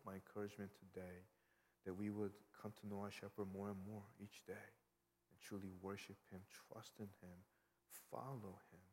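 A man's voice: lowish voice, darkish tone, slight background noise. A man preaching a sermon in an earnest, conversational way, often checking in with "right?". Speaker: pastor. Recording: long hall reverb.

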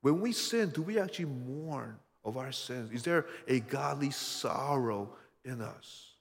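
A man's voice: mid-range voice, lively intonation, measured pace, long reverb tail. A man preaching a sermon, telling personal stories and asking his listeners questions in an earnest way. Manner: earnest, personal storytelling with frequent rhetorical questions. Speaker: pastor.

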